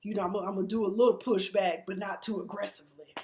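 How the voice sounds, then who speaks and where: A woman's voice: medium pitch, fairly even intonation, quick pace, dark tone. A woman in her forties giving blunt, candid, profane casual commentary on a reality TV show. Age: 40s. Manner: blunt, candid, profane, mimics the people she discusses. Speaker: reality TV recap vlogger. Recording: roomy echo.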